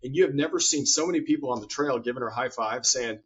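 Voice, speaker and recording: A man with a husky, slightly breathy voice talks earnestly as a guest in an interview. He builds his points through stories, often doubling up on words as he speaks. The audio is muffled and lo-fi, with its top end dulled. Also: mid-range voice, quick pace. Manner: earnest storyteller, repeats words. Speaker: guest author. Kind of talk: interview conversation.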